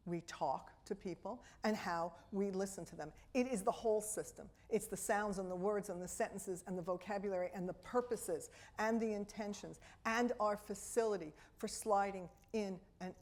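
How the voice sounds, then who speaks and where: A middle-aged woman from Brooklyn with a New York accent, a speech and language pathologist giving a lively, wry talk to a room of parents. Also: medium pitch. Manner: animated, wry, talks straight to the audience. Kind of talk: lively public lecture to an audience. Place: auditorium before a live audience.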